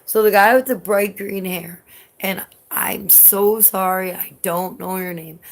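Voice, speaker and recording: A woman's voice: fairly low pitch, creaky. A young woman vlogger telling a story in a rambling, casual way, filling her talk with "like" and swearing freely. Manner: rambling, heavy use of "like", swears often.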